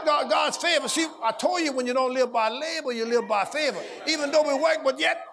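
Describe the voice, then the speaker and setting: A man preaching a sermon, shouting and drawing call-and-response from his congregation. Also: very high-pitched, fairly quick. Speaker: pastor. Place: church service. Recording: live church audio with crowd responses.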